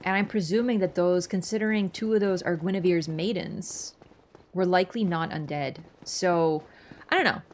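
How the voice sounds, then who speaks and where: Her voice sits on the low side at a normal speed, with a little hiss or hum in the recording. She's a young streamer from Canada, keeping up sarcastic, casual chat over her gameplay and wandering into many tangents.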